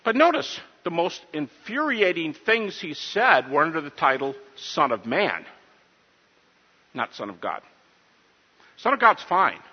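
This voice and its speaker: A man lectures to a live audience in an emphatic, animated way and throws questions at them. His voice is husky, a little high and swings widely in pitch. The recording is muffled, with a long hall echo. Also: measured pace, long pauses. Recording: dull audio in a reverberant hall.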